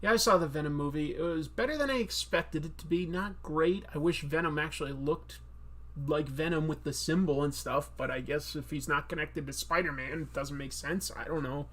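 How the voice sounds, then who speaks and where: A man's voice: fairly high pitch, fairly quick, fairly bright tone. A man hosting a live stream, answering chat questions in a casual, self-deprecating, rambling way. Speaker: comic artist streamer.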